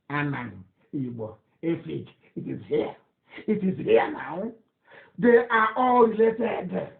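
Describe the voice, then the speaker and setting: Man, Nigerian accent, fiery, scornful, repetitive, high voice, tinny phone-like sound. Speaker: political activist broadcaster. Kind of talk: impassioned radio broadcast.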